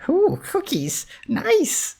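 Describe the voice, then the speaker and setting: A man voicing an excitable, indignant male creature in a raised, swooping, raspy voice. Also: very high-pitched, unhurried, voice pushed up, full character voice. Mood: curious. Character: big-nosed male creature, short-tempered and blustery.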